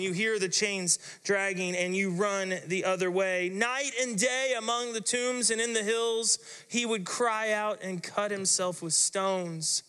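A man's voice: high voice, pushed and bright, clean tone, long reverb tail. A man preaching a sermon as pastor, telling the story in a dramatic, vivid way.

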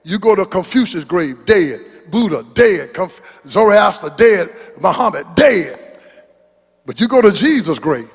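Older preacher man, high gravelly voice, slow and swinging all over, hollers his lines long. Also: sing-song, long reverb tail. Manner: preaching with rising shouts and long drawn-out phrases. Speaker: pastor. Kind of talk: sermon.

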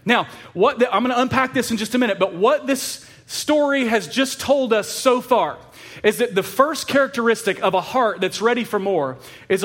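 A man's voice: very high-pitched, lively intonation, fairly quick, fairly bright tone. A man preaching a sermon in a casual, conversational way, with frequent fillers and restarts. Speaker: pastor.

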